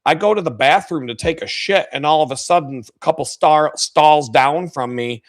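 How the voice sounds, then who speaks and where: A man's voice: on the high side, normal speed, few pauses. A man hosting a live stream, telling crude workplace stories in casual speech full of swearing. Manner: crude, swearing, animated storytelling with laughs. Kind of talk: profane casual storytelling.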